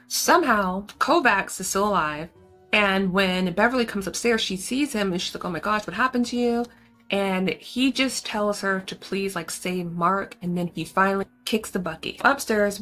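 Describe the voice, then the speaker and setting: A woman's voice: mid-range voice, a bit bright. A young woman casually recapping a horror film, chatty and slangy, full of asides. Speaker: movie reviewer.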